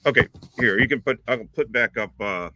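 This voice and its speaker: A man's voice: mid-range voice, brisk, bright, forceful tone. A man hosting a live stream in casual chat, crude and combative, swearing freely. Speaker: podcast host.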